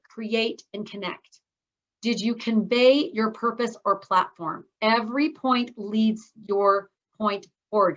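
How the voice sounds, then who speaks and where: A woman's voice: fairly high pitch, a bit bright. A middle-aged woman coaches a speaking course in an upbeat, encouraging voice. She talks straight to her students as she teaches. Her voice comes through a video call with slightly dull, lo-fi sound.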